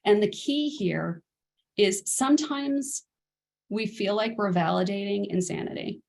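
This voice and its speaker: A middle-aged woman coaching parents in a relaxed masterclass on a video call, talking through ideas with lots of fillers and "right?" asides. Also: mid-range voice, unhurried, creaky. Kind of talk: casual teaching on a video call.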